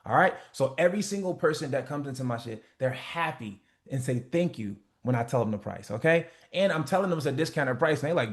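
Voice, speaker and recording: A man coaching a group on a motivational call, animated and profane, acting out little skits. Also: mid-range voice, brisk, hardly any pauses. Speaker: business coach.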